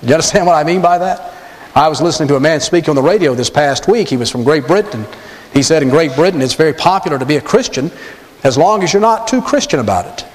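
A male pastor delivers a sermon with emphatic stresses and repeated questions to the congregation. His voice sits high and rises and falls dramatically. A long reverb hangs in the hall around him. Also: lively intonation, fast.

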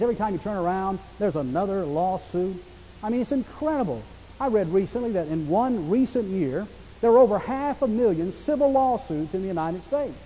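A man's voice: high-pitched, mellow, big-room sound, slight background noise, poor audio. A man preaching a sermon as a pastor, conversational and emphatic, asking his listeners rhetorical questions.

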